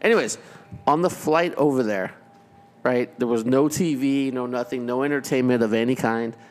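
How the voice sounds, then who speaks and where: A man's voice: medium pitch, moderate pace. A man co-hosting a podcast, telling a story in casual banter, swearing freely and repeating words as he restarts. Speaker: podcast co-host.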